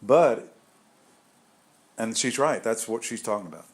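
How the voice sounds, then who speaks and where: A man's voice: on the low side, lively intonation, a little slow. A man giving an informal spiritual talk to a group, rambling and conversational with frequent restarts and asides. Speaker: group leader.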